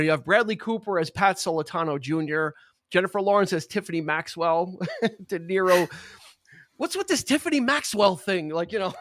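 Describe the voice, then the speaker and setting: A man hosts a casual podcast chat with a notably high voice. His delivery is laid-back and chuckling, and the sound is close and dry. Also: fairly bright tone, dry recording. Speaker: podcast host.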